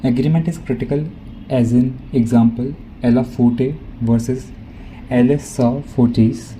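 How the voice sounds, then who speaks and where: A male student reading a prepared academic presentation, careful and measured, now and then correcting himself. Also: mid-range voice, fairly even intonation, mellow, a little hiss or hum, low-quality recording.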